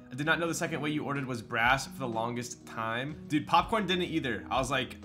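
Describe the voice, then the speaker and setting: A man chatting casually on a live stream, answering his viewers' questions as they come in. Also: mid-range voice. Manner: chatty, loose, reads and answers chat.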